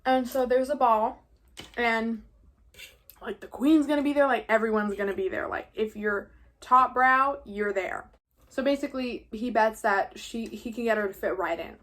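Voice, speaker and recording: A woman's voice: a little high, normal speed, fairly bright tone. An eighteen-year-old woman from New York, casually recapping a musical while eating, talking in a rambling way full of "like". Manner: chatty, rambling, heavy on "like". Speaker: vlogger.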